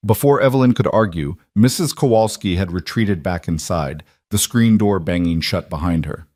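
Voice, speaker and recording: A man giving scripted narration of a frontier romance story in a steady, even manner. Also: low voice, moderate pace, few pauses, no echo, clean studio sound.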